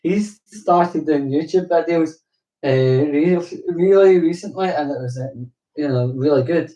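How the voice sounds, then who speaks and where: Unhurried and mellow, a young Glaswegian vlogger's slightly high voice rambles through a casual chat with viewers, full of swearing and frequent laughs. The mic is distant, the sound roomy, and the audio dull.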